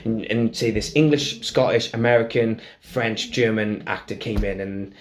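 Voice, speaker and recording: A man's voice: on the low side, moderate pace. Blunt, swearing Welsh man ranting. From Wales. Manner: blunt, swears freely, animated rants. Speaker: podcast host. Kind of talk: casual podcast chat.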